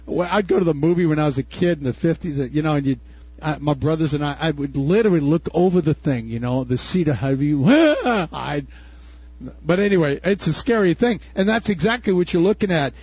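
An older male pastor with a husky, fairly high voice preaches a fervent sermon, swinging from folksy asides to shouted declarations. The recording sounds dull and dry, with no room echo. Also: animated, fairly quick.

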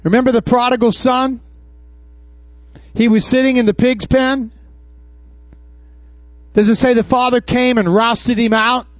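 A pastor preaching a sermon, firing questions at the congregation and acting out Bible scenes. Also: male voice, very high-pitched, flat delivery, unhurried, long pauses, dry recording, highs cut off. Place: church before a congregation.

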